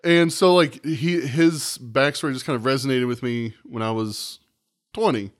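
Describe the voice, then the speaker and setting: A man's voice: mid-range voice, moderate pace. Rambling, profane male podcast host. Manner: rambling, profane, acts out quotes. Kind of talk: casual storytelling chat.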